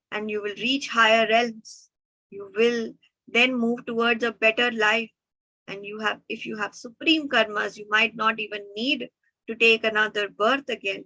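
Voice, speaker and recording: A woman voicing a calm, wise male sage, speaking slowly and deliberately as she retells a story. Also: a little high, no echo, exaggerated voice, rough recording.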